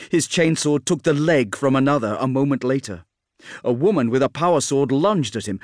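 A man reading a science-fiction war story as an audiobook narrator, in a steady, measured storytelling manner. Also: medium pitch, dry recording, clean studio sound. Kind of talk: scripted narration.

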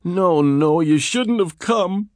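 A man's voice: medium pitch, lively intonation, fast talker, darkish tone, dry recording, clean studio sound, pitched above the performer's own voice, natural voice. A man reading an audiobook, voicing a frightened young woman who speaks in a gasping, strained voice. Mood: desperate.

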